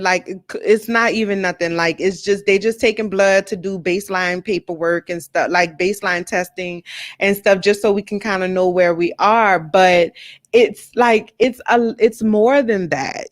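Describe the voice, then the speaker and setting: A woman's voice: medium pitch, no room sound, studio quality. Woman on a live stream just chatting w her viewers, candid and personal, lots of ums and repeating herself. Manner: emotional, personal storytelling. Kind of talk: casual chat to viewers.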